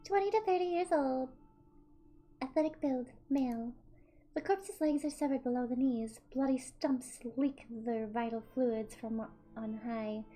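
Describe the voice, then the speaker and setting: A woman voicing a smug, psychopathic young woman from a visual novel, reading in a cold, smirking, low and quiet voice. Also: measured pace. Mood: smug, gloating.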